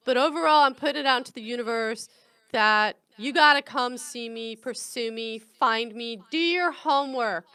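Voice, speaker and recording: A woman's voice: a little high, pushed and bright, clear, resonant tone, dry recording. A middle-aged woman hosting a comedy podcast, talking frankly and chattily in a casual monologue and laughing often. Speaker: podcast host.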